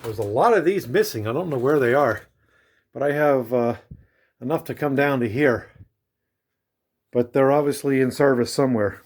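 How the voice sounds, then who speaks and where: A man's voice: mid-range voice, moderate pace, pauses often. A man chatting casually to his viewers while working in his woodworking shop, rambling and wandering between topics. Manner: rambling and meandering. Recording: roomy shop echo.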